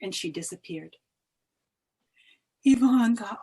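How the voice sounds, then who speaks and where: Husky, expressive woman storyteller. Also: sits high, slow, long pauses. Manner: expressive, dramatic swings of loudness. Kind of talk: oral folk-tale storytelling. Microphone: video call.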